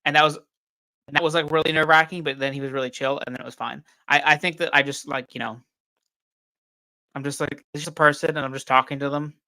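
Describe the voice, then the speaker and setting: A man's voice: a little high, steady tone, quick pace, pushed and bright, dry recording. A tired man chatting as a guest about a novel over a video call, easygoing and rambling with many "like"s. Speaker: book reviewer guest. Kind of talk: casual chat about a book.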